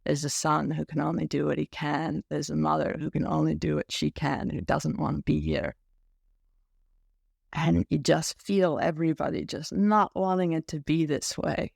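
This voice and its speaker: A man who serves as a meditation teacher, telling a story in an unhurried, tender, musing way. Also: fairly high pitch, flat delivery, vocal fry, no room sound, studio quality. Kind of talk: reflective storytelling talk.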